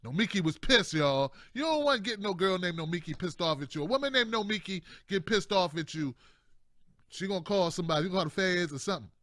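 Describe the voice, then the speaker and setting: A man's voice: sits high, big pitch swings, a little fast, a bit bright, no echo. A man hosting casual political commentary, talking in a slangy, repetitive, chatty way with frequent laughs.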